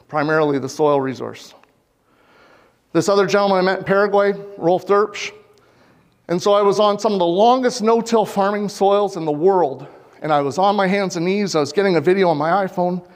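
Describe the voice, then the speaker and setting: An earnest man from Canada gives a farmer's talk to a hall, putting questions directly to the crowd. His voice runs fairly high for a man. A long hall reverb trails behind each phrase from his lapel mic. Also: moderate pace. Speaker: farmer giving a conference talk. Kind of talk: public presentation. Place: conference hall.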